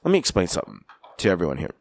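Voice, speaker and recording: An American man co-hosting a podcast in casual chat, talking emphatically and excitably and swearing freely. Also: low-pitched, rapid-fire, vocal fry. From United States. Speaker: podcast co-host.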